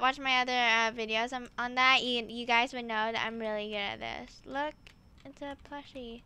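A woman hosting casual gameplay commentary, excitable and full of exclamations as she talks to her viewers. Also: fairly high pitch, normal speed, smooth, no room sound. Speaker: gaming channel host.

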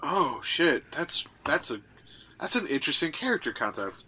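A man's voice: on the high side, very animated, normal speed, bright, forceful tone, a little hiss or hum. A young man co-hosting a podcast, chatting casually and joking around. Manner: jokey, playful, often riffing in silly voices. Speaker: podcast co-host. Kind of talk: casual chat.

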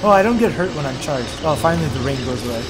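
A young man giving casual commentary on his own gameplay, talking to himself and bursting into loud, exasperated yelps. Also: a little high, expressive, quick pace, music in the background. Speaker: let's play gamer.

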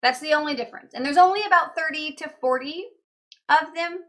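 A woman with a bright, fairly high voice explains grammar to beginners. She is chatty and relaxed, giving examples and repeating words slowly so they sink in. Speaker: language teacher.

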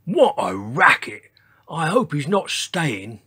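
A man's voice: a little high, sing-song, slow pace, pushed and bright, full character voice. Man doing a grumpy old Triceratops. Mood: grumbling. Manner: gruff, grumbling, bellowing. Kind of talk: storybook voice acting.

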